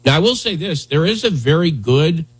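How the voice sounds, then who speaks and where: A man's voice: a little high, expressive, normal speed, breathy edge. A man hosting a casual talk show, rambling with many fillers and restarts. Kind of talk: casual talk radio chat.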